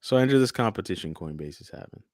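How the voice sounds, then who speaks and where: A man co-hosting a casual podcast roundtable, animated and jokey, acting out quotes as he talks. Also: low-pitched, racing, no echo, studio quality. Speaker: podcast co-host.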